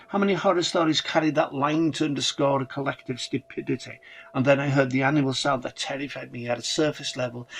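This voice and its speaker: A man's voice: mid-range voice, slightly rough, low-quality recording. A man narrating a first-person horror story dramatically, with casual swearing.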